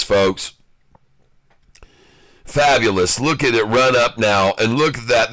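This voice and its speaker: A man giving live day-trading commentary, excitable and taunting, calling out prices and addressing viewers as folks. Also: mid-range voice, dry recording. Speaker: stock day-trader streaming live.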